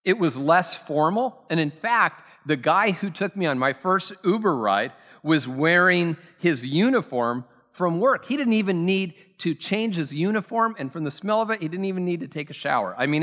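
This pastor's voice sits high and sounds expressive and fairly bright, keeping a normal speed with few pauses. He preaches in a church sanctuary, spinning chatty, self-mocking stories packed with fillers, while the hall adds long reverb.

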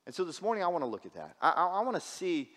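A man's voice: high-pitched, wildly swooping pitch, racing, a bit bright, in a large hall. A man preaching a sermon as a guest pastor, casual and joking, often repeating words as he restarts. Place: church sanctuary.

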